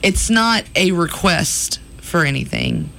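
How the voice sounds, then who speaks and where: A woman co-hosting a morning radio show, upbeat and quick to laugh in casual banter. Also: on the low side, lively intonation, gravelly, pushed and bright. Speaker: radio co-host.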